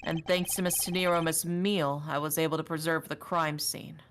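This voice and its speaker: A woman reading the lines of a composed adult male prosecutor from a game, in a measured, reflective manner. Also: deep voice, steady tone, background noise. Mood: thoughtful. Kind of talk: reading game dialogue aloud.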